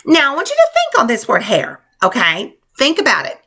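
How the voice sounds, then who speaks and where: A woman's voice: a little high, wildly swooping pitch, brisk, pushed and bright. A woman teacher leading young children through a spelling lesson, coaching them patiently in a sing-song classroom manner.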